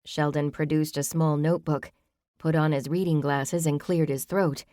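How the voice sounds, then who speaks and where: A woman with a low voice narrates an audiobook in a measured, even storytelling manner. The recording is close and dry, with no room sound. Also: no room sound. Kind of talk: scripted narration.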